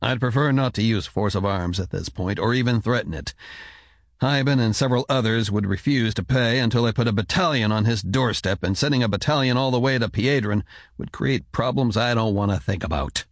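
A man's voice: mid-range voice, brisk, no echo, close to an everyday voice. A man voicing a stern, demanding ruler who speaks curtly and coldly. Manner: curt, commanding.

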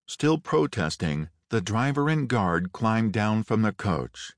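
Man, audiobook narrator, low voice, slow pace, expressive, dry close recording. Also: no echo. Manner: unhurried, measured storytelling. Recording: dry close studio read.

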